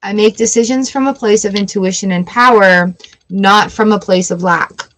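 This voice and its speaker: A woman's voice: mid-range voice, normal speed, fairly bright tone, slight background noise. A woman giving a live-streamed tarot reading in a chatty, emotional way, weepy and laughing often. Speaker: tarot reader.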